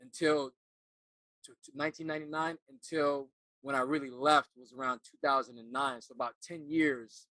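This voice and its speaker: This middle-aged former actor, now a life coach, recounts something personal in a bright, forceful, medium-pitched voice with fairly even intonation. The sound is dry, close and echo-free, and his earnest telling stops and repeats words as memory returns.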